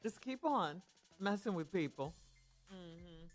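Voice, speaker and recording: Lively, slow-talking female radio cohost. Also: fairly low pitch, faint music behind. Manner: laughing, playful. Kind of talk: radio show banter.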